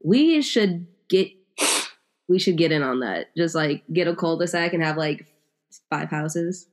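Low-voiced young woman, rambling chat. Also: expressive, a little slow. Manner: rambling, fillers like "like", restarts. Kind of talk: casual chat.

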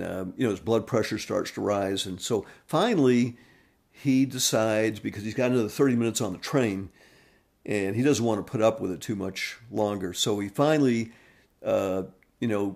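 A man's voice: on the low side, vocal fry, a little mellow. A man hosting a podcast, telling a story in a rambling monologue full of fillers and restarts. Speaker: podcast host.

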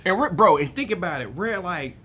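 A man's voice: high-pitched, animated, fairly quick, crowd noise. A young man telling a rowdy story in casual chat, laughing often and mimicking the people he quotes. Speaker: podcast co-host telling a story.

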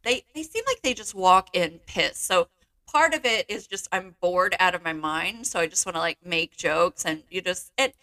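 A woman's voice: lowish voice, expressive, moderate pace, bright, forceful tone, no room sound. A young woman co-hosting a podcast, telling a funny work story in a chatty, laughing way full of fillers and slang. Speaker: podcast co-host. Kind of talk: casual chat, storytelling.

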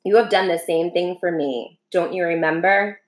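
Woman doing a kind patient soul, soft and tender, roomy sound. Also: fairly low pitch, steady tone, normal speed, natural voice. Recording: roomy echo.

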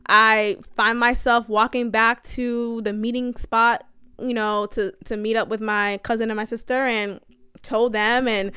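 A woman's voice: fairly high pitch, sharp tone, smooth, no echo, clean studio sound. A young woman hosting a podcast, telling a personal story in a chatty way, often laughing and talking straight to her listeners. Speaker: podcast host. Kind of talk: casual storytelling monologue.

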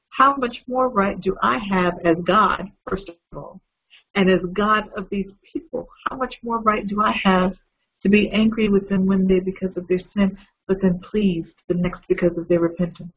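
A man's voice: sits high, steady tone, moderate pace, breathy edge, highs cut off. A man voicing God as a stern male figure who rebukes with pointed questions. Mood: rebuking.

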